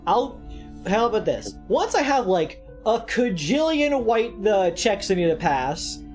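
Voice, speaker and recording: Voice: mid-range voice, very animated, unhurried, a little mellow, soft background music. A streamer giving casual, rambling, sarcastic commentary while playing a game, swearing freely. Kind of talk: casual let's-play commentary.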